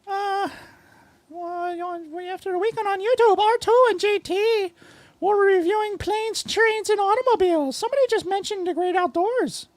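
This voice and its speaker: A woman's voice: very high-pitched, moderate pace, a little mellow, dry recording. A woman hosting a podcast, joking crudely and reading show announcements. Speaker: podcast host. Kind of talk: casual chat, reading show notes.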